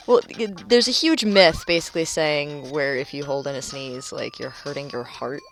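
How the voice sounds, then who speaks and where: A woman commenting on her own video game play, excitable and rambling, swearing loudly at the game. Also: sits low, measured pace. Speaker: gaming channel host. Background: video game music.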